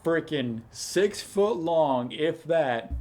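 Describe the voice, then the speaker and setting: A man's voice: on the high side, lively intonation, very slow, darkish tone. A man casually reviewing a film with a friend, rambling and hesitant with many fillers. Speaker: movie reviewer. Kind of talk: casual movie review chat.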